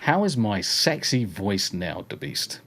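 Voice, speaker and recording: A man voicing a mock-seductive late-night radio crooner, slow and put-on. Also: lowish voice, big pitch swings, a bit bright, voice pushed down, heavily acted. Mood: mock-sultry.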